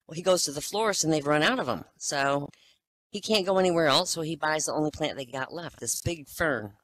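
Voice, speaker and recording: A woman's voice: low voice, a little fast, slight background noise. A woman telling a string of jokes, laughing at her own punchlines and jumping into character voices. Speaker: joke teller. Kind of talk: telling jokes to a live audience.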